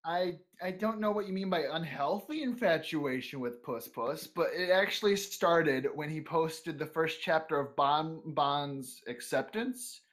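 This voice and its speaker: A man's voice: fairly high pitch, measured pace, hardly any pauses, a bit bright. A man who writes stories, answering as a guest in a casual podcast interview, blunt, offhand and profane.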